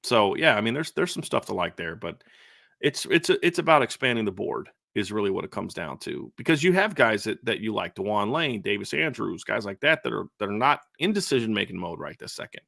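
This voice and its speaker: A man's voice: on the low side, sing-song, a little fast, vocal fry, pushed and bright, no echo, clean studio sound. A man co-hosting a casual sports talk show, conversational and prone to repeating words as he starts a thought. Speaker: co-host.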